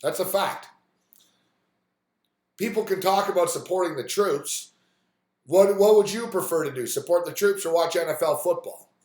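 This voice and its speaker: A man ranting on a sports live stream, swearing freely and acting out the people in his story. His voice sits a little high, and the room gives it a clear echo. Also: normal speed, long pauses, a little mellow. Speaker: sports talk host. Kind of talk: profane live-stream rant.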